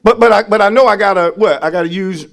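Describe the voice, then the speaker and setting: A man preaching as a pastor, calling out to the congregation and rising to shouted peaks. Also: high-pitched, fast. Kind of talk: sermon.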